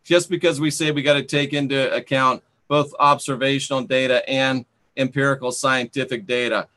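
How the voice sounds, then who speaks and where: A man's voice: mid-range voice, fairly even intonation, moderate pace, pushed and bright. A man hosting a live stream, reading viewer comments aloud and sarcastically scolding and banning rude commenters. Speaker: channel host.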